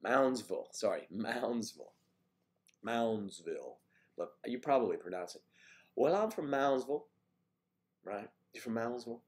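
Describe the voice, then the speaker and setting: A man's voice: mid-range voice, sing-song, moderate pace. A man hosting a casual morning livestream, reading out viewers' names and comments and answering them with easygoing jokes. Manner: easygoing, joking asides. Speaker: livestream host.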